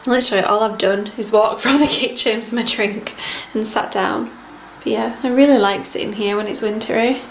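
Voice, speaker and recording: A woman vlogging from home, talking in a gushing, chatty way and cooing to her pets in a sing-song voice. Her voice sits a little high and sounds slightly stuffed up. The room is echoey, with a faint hiss behind her. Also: fairly even intonation, moderate pace. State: stuffed up and out of breath. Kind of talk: casual vlog chat.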